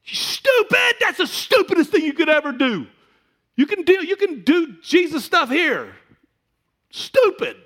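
A man voicing a scornful father who shouts at his son, his voice raised high and loud over his own. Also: big pitch swings, measured pace, full character voice. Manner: yelling, contemptuous.

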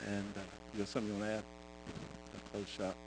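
A man's voice: lowish voice, monotone, over loud music, low-quality recording. Man telling a sermon story. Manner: conversational, halting, many restarts. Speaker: preacher.

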